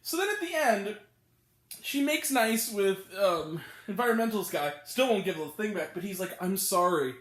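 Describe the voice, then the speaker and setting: A woman's voice: mid-range voice, animated, normal speed, roomy sound. A woman reviewing a movie in a casual rant, incredulous, often laughing and swearing freely. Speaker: film reviewer.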